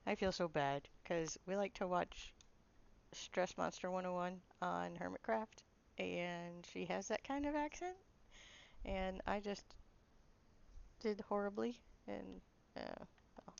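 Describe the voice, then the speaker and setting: A woman's voice: on the low side, slow pace, creaky, smooth, dry recording, highs cut off. A woman streaming a game, chatting casually, apologetic and laughing at herself. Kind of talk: casual gameplay chat.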